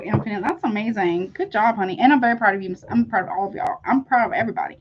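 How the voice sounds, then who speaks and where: A woman's voice: medium pitch, lively intonation, rapid-fire, hardly any pauses, lo-fi sound, slight background noise. A middle-aged woman hosting a casual live-stream tarot reading, effusive and chatty, calling her viewers honey and y'all.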